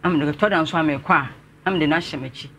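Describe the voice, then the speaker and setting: A Ghanaian man speaks as an interview guest, slightly high and bright in tone. He talks earnestly and respectfully, with faint ambient noise behind him. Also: fast. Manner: earnest, respectfully addressing the host. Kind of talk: telling his life story in an interview.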